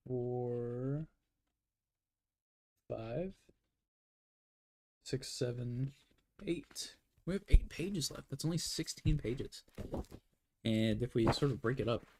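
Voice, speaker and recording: Drawing on stream, a young man chats casually in a medium-pitched, gravelly, slightly mellow voice. The art streamer rambles, pokes fun at himself, and uses lots of fillers, yawning as he sounds tired.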